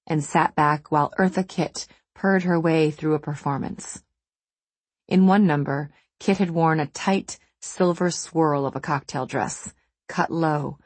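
A woman reading a novel aloud in measured, steady scripted narration. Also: fairly low pitch, breathy edge, dry recording. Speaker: audiobook narrator.

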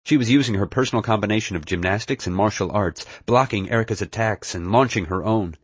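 A man's voice: fairly low pitch, fast talker, husky, no room sound. A man narrating an audiobook in the first person, telling the story expressively.

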